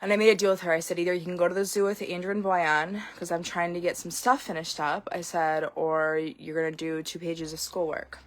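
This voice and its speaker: A woman's voice: on the low side, level tone, fairly quick, few pauses. A young woman, a homeschooling parent, talking casually in a vlog and rambling frankly with lots of fillers.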